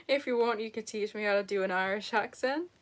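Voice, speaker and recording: A woman's voice: mid-range voice, normal speed. Giggly young British woman livestreaming. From England. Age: young adult. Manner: giggly, chatty, self-deprecating, reading chat. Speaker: YouTuber live streaming. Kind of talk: casual live stream chat. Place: at home on a sofa.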